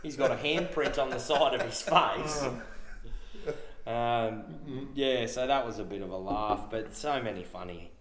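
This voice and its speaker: A man's voice: mid-range voice, unhurried, fairly bright tone. Swearing Australian man telling yarns. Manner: swearing, laughing anecdote teller. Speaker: podcast guest. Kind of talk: casual storytelling. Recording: roomy echo.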